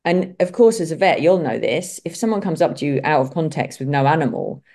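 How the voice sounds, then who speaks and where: Low-voiced woman with a Kent accent. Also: lively intonation, brisk, dark tone. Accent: Kent English. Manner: chatty storyteller, acts out quoted voices. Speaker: guest, vet. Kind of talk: casual interview chat.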